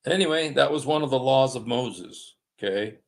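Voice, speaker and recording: A man hosting a livestream, reading passages aloud in a halting way, with many fillers and apologies. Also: mid-range voice, expressive, gravelly. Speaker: livestream host. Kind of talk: casual livestream commentary reading texts aloud. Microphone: desktop streaming mic.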